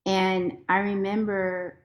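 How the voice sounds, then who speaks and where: A woman lawyer speaks as a podcast guest, sharing a personal testimony in an expressive, heartfelt way. Her voice sits in the middle of the usual range, neither high nor low. The recording carries a noticeable roomy echo. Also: takes it slowly.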